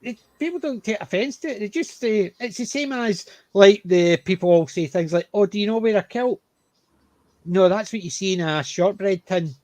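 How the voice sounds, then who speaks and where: A Scottish man with a notably high voice talks casually on a panel show, explaining things at length. His voice is recorded dry and close, with no room sound. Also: moderate pace, hardly any pauses, darkish tone, no echo. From Scotland.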